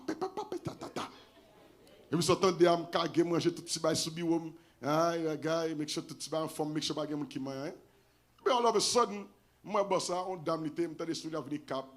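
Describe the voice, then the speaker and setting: A middle-aged pastor with a Haitian accent preaches a sermon built around storytelling. His voice sits on the high side, and he switches between languages, shouting to drive points home.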